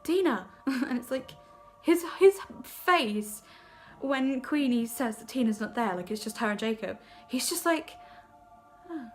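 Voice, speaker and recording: Young woman gushing about a movie, giggly and rambly, kinda high voice, soft music behind. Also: lively intonation, unhurried. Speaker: vlogger. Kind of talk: casual film review vlog.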